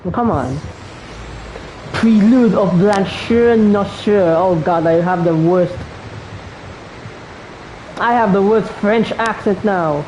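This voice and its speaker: A woman's voice: lowish voice, slow pace, long pauses, a little mellow, a little hiss or hum, low-quality recording. A woman streamer casually commenting on her gameplay, rambling with self-deprecating asides. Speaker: game streamer.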